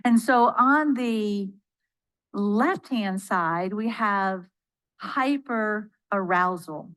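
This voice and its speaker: A woman's voice: medium pitch, very slow, a bit bright, poor audio. A woman giving a spoken training lecture to educators, asking the audience questions and answering them herself, and acting out quoted speech. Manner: acts out quoted speech in changing voices. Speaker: trainer leading an accredited course for educators.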